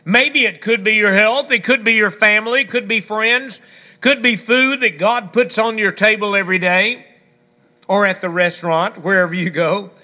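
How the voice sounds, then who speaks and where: A man's voice: high voice, moderate pace, pushed and bright. A man preaching a sermon on gratitude, folksy and storytelling, with scripture and a bit of humor. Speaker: pastor.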